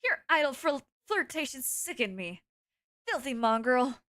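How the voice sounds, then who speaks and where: A woman's voice: sits high, sing-song, unhurried, fairly bright tone, no echo, clean studio sound, exaggerated voice. A woman reading a visual novel aloud, voicing a haughty, contemptuous aristocratic male pigeon student who speaks in curt, scornful commands.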